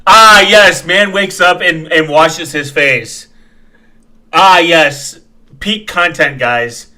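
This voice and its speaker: A man ranting as he reacts to videos, swearing and mocking, dropping to quiet mumbles and then bursting into loud shouts. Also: a little high, slow pace, faint music behind. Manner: angry, profane, mocking, breaks into sudden shouts; mumbles quietly while reading comments aloud.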